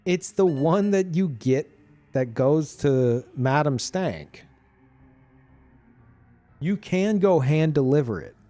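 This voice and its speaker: A man streamer chatting casually about a video game, animated and profane, laughing often. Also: fairly high pitch, takes it slowly, long pauses, faint music behind.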